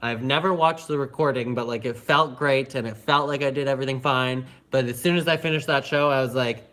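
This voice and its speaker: A young man talks through a personal story on a livestream. He is chatty and animated, peppering his speech with filler words and laughter, at an ordinary middle pitch. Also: brisk. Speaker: vlogger.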